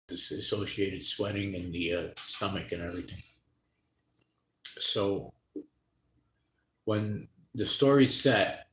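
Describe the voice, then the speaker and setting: A tired man talking to camera in a halting, rambling, distressed way, with many restarts. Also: on the low side. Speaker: vlogger. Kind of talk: unscripted personal vlog to camera. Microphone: camera mic. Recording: roomy echoey room.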